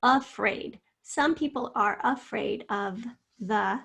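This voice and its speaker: A middle-aged woman teaching a spelling lesson, saying each word slowly and then using it in a sentence. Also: mid-range voice, vocal fry, a bit bright, breathy edge. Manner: slow, careful word-by-word dictation with example sentences.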